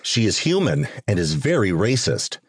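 A man's voice: on the low side, sing-song, moderate pace, slightly rough, dry recording, studio quality, voice pushed up, full character voice. A man voicing a male vampire petitioner who pleads insistently for help. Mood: pleading. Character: earnest but disdainful male vampire petitioner.

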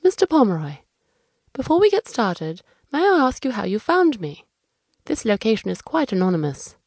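A woman's voice: a little high, big pitch swings, moderate pace, a little mellow, no echo, studio quality, pitched above the performer's own voice. A woman doing a chirpy young aristocrat sleuth. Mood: excited. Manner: chirpy, fussy and very British-polite. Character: eager, excitable young aristocratic male detective. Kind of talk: children's audiobook narration.

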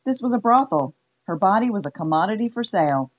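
A woman narrating an audiobook in a measured, wry way. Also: medium pitch, expressive. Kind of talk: scripted narration.

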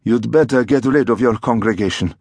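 A man voicing a placid male doctor who speaks calmly and evenly. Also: slightly rough, no room sound. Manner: calm, measured, lower voice.

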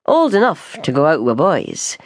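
A woman voicing a weary, patient middle-aged male baker with a Scottish accent, speaking low, calm and curt. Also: normal speed, creaky, breathy edge, no room sound, studio quality, heavily acted. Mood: polite.

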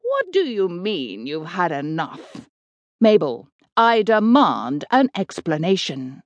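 A woman's voice: fairly low pitch, huge pitch swings, slow, no echo, lo-fi sound, heavily acted. A woman voicing a fierce, bossy old witch who hurls scornful insults, in a close dry studio recording. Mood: indignant.

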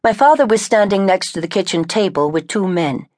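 A woman reading a novel aloud in first person, with measured, even storytelling into a close studio mic. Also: medium pitch, dry recording. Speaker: audiobook narrator. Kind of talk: scripted first-person narration.

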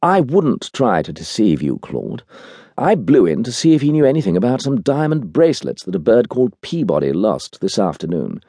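A man voicing a suave, bantering gentleman outlaw who speaks with cool, quizzical mockery in an audiobook. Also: fairly low pitch, very animated, normal speed, husky, no room sound, studio quality, pitched above the performer's own voice, exaggerated voice. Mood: mocking.

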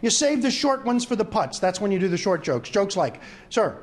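A man's voice: high voice, big pitch swings, moderate pace. A man telling adult stand-up jokes to a live crowd and laughing at his own punchlines. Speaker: comedian.

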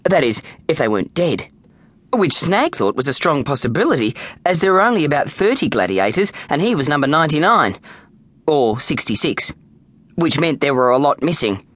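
A man with an Australian accent reads a children's story in a lively, playful way. His voice swings widely in pitch, and the studio recording is close and dry. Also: moderate pace, no echo. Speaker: audiobook narrator.

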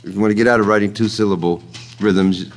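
A man with a fairly low voice gives a loose, spoken lecture on poetics. He wanders between thoughts, fills pauses with uh, and chuckles now and then at his own remarks. He sounds out meters aloud with ta-ta syllables. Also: steady tone. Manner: thoughtful, digressive, hums out rhythms with ta-ta syllables. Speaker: poetry lecturer.

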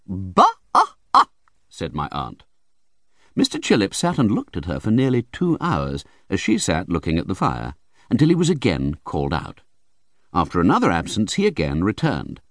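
A man narrates a classic novel in a low voice, telling the story with theatrical flair. His intonation swings widely from line to line. The studio recording is close and dry. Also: huge pitch swings, brisk, dry recording. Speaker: audiobook narrator. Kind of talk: expressive audiobook narration.

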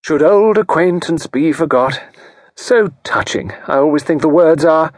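A genteel older lady hostess prattles on placidly in an audiobook, as a male narrator puts her on. The voice sits high above his own and comes out louder, in a dry, close recording. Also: unhurried, no room sound, lightly acted. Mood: placid chatter.

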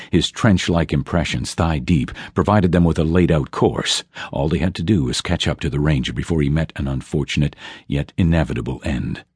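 Very deep, husky male audiobook narrator. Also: darkish tone, no room sound, studio quality. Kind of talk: scripted fantasy narration.

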